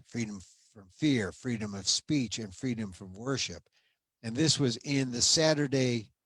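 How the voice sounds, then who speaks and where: Reading aloud from a history book, a man with a medium-pitched voice keeps a measured, steady delivery. He pauses occasionally for casual asides and small restarts, and the recording has no room sound.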